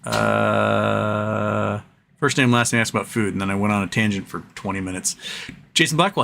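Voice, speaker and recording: A man's voice: lowish voice, normal speed, creaky, a little hiss or hum. A man hosting a live stream, telling stories casually and rambling, with lots of fillers and asides. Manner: rambling, animated storyteller with frequent fillers and asides.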